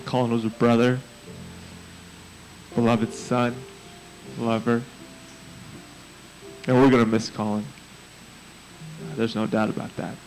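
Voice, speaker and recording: Earnest man giving a flat, heartfelt tribute. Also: medium pitch, slow pace, long pauses, soft background music, low-quality recording. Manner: earnest, heartfelt and prayerful, with a fairly flat delivery. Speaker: mentor speaking at a memorial. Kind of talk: memorial tribute.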